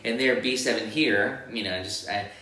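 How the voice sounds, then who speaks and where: A man giving a casual guitar lesson, counting beats and singing rhythms as syllables in a relaxed, rambling way. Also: lowish voice, moderate pace. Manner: sings rhythms as syllables while demonstrating on guitar; relaxed, rambling explanations with restarts. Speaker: guitar teacher. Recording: roomy room with loud guitar playing.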